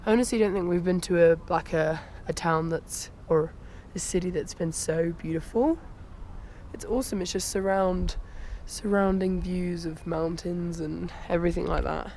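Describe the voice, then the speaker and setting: A woman's voice: on the low side, steady tone, normal speed, darkish tone, a little hiss or hum. A young woman with a cold, vlogging casually as she travels, chatting and rambling with lots of fillers, recorded outdoors on a handheld action camera. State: has a cold. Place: hostel rooftop and city streets outdoors.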